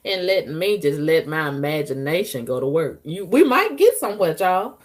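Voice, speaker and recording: A woman talking frankly to her viewers in a casual, profane monologue, breaking into loud squealing outbursts. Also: low voice, very animated, moderate pace, few pauses. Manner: frank, profane, conversational drawl.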